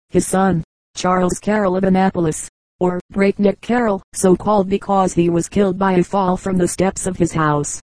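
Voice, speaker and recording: A woman reading a nonfiction audiobook aloud in a measured, even narration. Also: medium pitch, no echo, low-quality recording. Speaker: audiobook reader. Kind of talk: scripted narration.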